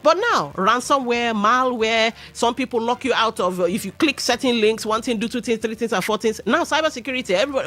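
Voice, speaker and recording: A woman's voice: fairly high pitch, fast talker, few pauses, a bit bright. A Nigerian woman hosting a radio talk show, giving opinionated commentary with pidgin asides. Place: radio studio.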